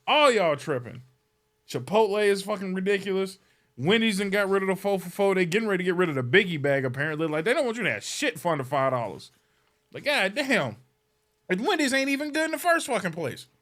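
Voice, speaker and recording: A man's voice: high-pitched, brisk. A man hosting a podcast, ranting in a casual, comedic way. He swears freely and sounds exasperated. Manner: profane, exasperated, animated complaining. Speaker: podcast host.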